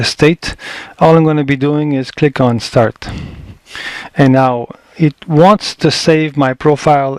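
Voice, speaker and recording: Working through a casual screen-recorded lesson on color management, the instructor talks his thoughts aloud, often restarting and filling gaps. His slightly high voice has vocal fry, and the camera microphone in his small indoor workspace picks up no echo.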